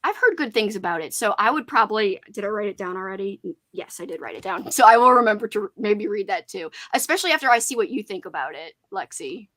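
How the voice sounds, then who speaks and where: A woman's voice: mid-range voice, lively intonation, fast talker, few pauses, a bit bright. A young woman hosting a casual livestream chat about books, talking loosely with plenty of fillers and reading out viewer comments. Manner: chatty, lots of "like" fillers, reads chat aloud. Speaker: booktube host.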